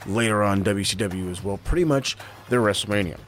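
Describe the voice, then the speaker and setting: A man co-hosting a wrestling podcast, animated and profane in casual chat, who also runs a history segment. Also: fairly low pitch, brisk, slight background noise. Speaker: podcast co-host.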